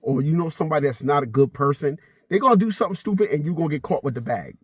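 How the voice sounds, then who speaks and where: Middle-aged male vlogger, husky and lively, swears freely, storytelling, dry close sound. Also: fairly high pitch, rapid-fire, no echo. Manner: animated, swears freely, slips into voices of people in his story. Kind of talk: casual storytelling to camera.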